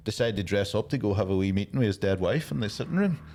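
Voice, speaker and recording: A man's voice: fairly low pitch, lively intonation, quick pace, a little mellow. A man from Ireland co-hosting a podcast, telling rambling stories casually and laughing at his own jokes. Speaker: podcast co-host. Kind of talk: casual storytelling chat.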